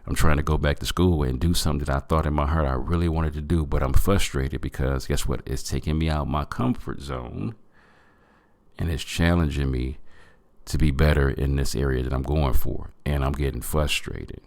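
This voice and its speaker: Super deep voiced guy doing a motivational podcast, earnest, kinda preachy, dry sound. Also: steady tone, normal speed, darkish tone, no echo. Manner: earnest, preachy, addresses listeners as family. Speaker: podcast host.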